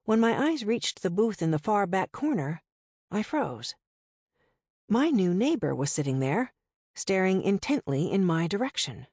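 A woman reading a novel aloud in the first person, in a steady, conversational storytelling manner. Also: medium pitch, measured pace, breathy edge, dry recording, studio quality. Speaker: audiobook narrator.

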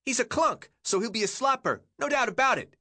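Shrill, giggly teen boy; pitched well up. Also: expressive, brisk, sharp tone, exaggerated voice. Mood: teasing.

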